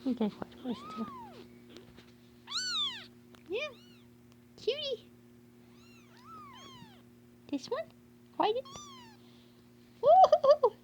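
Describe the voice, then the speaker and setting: High, sing-song woman cooing at cats. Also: huge pitch swings, drawn-out words, pauses often, heavy background noise. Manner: soft whispering mixed with high-pitched baby talk and laughs. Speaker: cat owner filming her pets. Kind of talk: casual baby talk to pets. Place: home, indoors.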